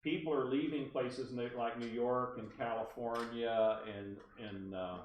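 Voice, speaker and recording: A man speaks at a mid-range pitch, telling stories to a room of agents. He is animated and keeps turning to the room with asides. He sounds distant from the mic in a roomy, echoing space. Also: a little slow, a little hiss or hum. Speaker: real estate trainer. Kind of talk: storytelling training talk to agents. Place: meeting room at a real estate office.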